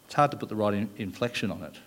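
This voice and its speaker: A man preaching a sermon, thoughtful, pausing often with "uh" and leaning hard on key words. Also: on the low side, expressive, a bit bright. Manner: thoughtful, frequent "uh" pauses, leans on key words.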